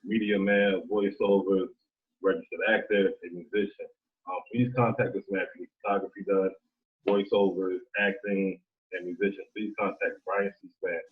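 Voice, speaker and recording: A man's voice: low-pitched, fairly even intonation, normal speed. A man hosting a podcast in a casual interview, appreciative and thanking his guest again and again. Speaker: podcast host. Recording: phone-like narrow sound.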